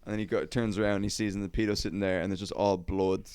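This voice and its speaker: A young man hosting a podcast, telling a rambling, profane story in casual chat with quick acted quotes. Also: lowish voice, level tone, a little mellow, clear, resonant tone, dry recording. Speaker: podcast host.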